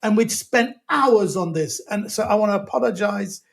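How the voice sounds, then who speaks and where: A man with a high, bright-edged voice, spinning a rambling, self-mocking story. He talks as an animated guest comedian, full of asides and restarts. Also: normal speed, creaky. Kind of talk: animated anecdote telling.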